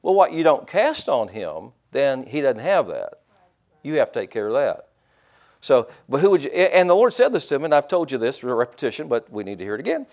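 A man's voice: medium pitch, big pitch swings, fairly quick, a little mellow. A middle-aged man preaching a sermon in a church, folksy and joking, with frequent amens and hallelujahs. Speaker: pastor.

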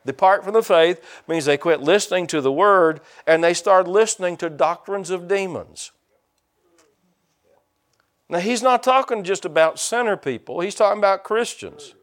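A man's voice: sits high, moderate pace. An older man, a pastor preaching a folksy, joking sermon and calling out to his congregation.

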